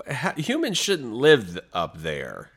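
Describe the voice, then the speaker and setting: A man co-hosting a podcast, telling stories in a casual, animated way and laughing often. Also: mid-range voice, breathy edge. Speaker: podcast co-host. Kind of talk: casual storytelling chat.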